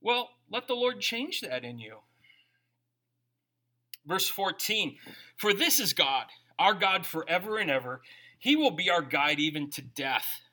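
A man preaching a sermon as pastor, conversational and animated, asking his listeners questions. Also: high-pitched, unhurried.

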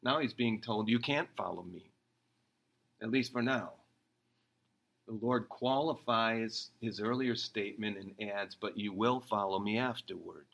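A man's voice: lowish voice, unhurried, gravelly, fairly bright tone, rough recording. A man preaching an expository sermon in a conversational way, acting out the lines he quotes.

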